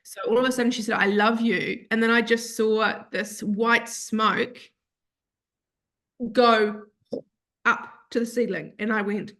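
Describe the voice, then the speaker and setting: A woman guest on a podcast, telling an emotional personal story in an animated, earnest way and acting out what other people said. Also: fairly high pitch, measured pace, long pauses. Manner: earnest, open about grief.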